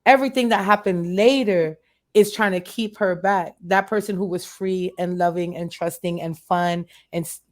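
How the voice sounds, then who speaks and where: A woman's voice: fairly low pitch, steady tone, moderate pace. A woman guest in a candid interview, talking earnestly and emotionally and repeating phrases for emphasis.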